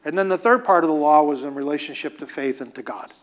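A male preacher with a fairly high voice teaches in a loose, conversational sermon style. He hammers points home by repeating key phrases and drops casual asides as he goes. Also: fast talker. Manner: emphatic, repeats phrases for stress.

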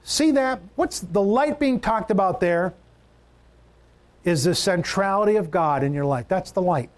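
A man preaching a sermon, emphatic, repeating key phrases and swinging his pitch for stress. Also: expressive, a little slow. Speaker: pastor.

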